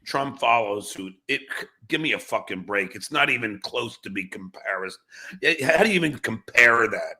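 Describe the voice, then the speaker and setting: A man's voice: medium pitch, lively intonation, moderate pace, pushed and bright, slightly rough. A middle-aged man hosting a livestream, telling stories and talking politics with lots of swearing and stammering restarts. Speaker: livestream host. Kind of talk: political chat and storytelling.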